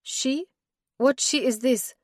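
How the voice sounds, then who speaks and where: A woman's voice: fairly low pitch, lively intonation, slow pace, no room sound, studio quality. A woman voicing a distraught young woman accused of murder, pleading in a raised, breathless way. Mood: wary.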